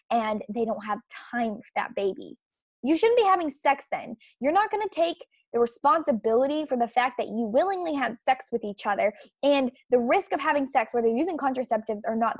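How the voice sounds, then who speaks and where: Indignant woman host, high, dry sound. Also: dry recording. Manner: indignant, emphatic, scornful. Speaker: podcast host. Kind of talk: opinionated commentary.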